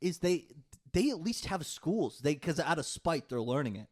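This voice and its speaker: A man's voice: fairly high pitch, very animated, normal speed. A man, co-hosting a casual podcast chat and ranting heatedly with plenty of swearing. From United States. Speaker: podcast co-host.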